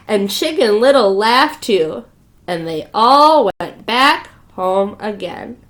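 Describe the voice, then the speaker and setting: Slow, sing-song preschool teacher. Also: female voice, fairly high pitch, very animated, fairly bright tone. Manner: slow, asks children questions, spells letters out. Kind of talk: reading a storybook aloud to young children.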